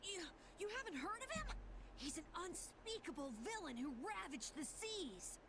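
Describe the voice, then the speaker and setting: An actress voicing an eager young boy who asks quick, jumpy questions. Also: very high voice, big pitch swings, noisy background, full character voice. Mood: curious. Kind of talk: game voice acting.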